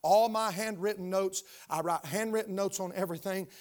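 High-voiced older preacher calling out. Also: male voice, steady tone, brisk. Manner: emphatic, call-and-response questions to the congregation. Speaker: pastor. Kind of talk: sermon. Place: church sanctuary.

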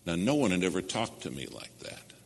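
A man's voice: deep voice, big pitch swings, a little fast, gravelly, breathy edge, in a large hall. A man preaching a sermon, telling a story and pressing his listeners with direct questions.

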